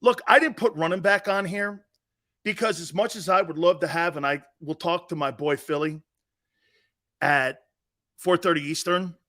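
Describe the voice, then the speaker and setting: A man's voice: on the high side, a bit bright. A man hosting a sports talk show, blunt and brash, trash-talking callers and hammering his points home with a repeated "Okay?".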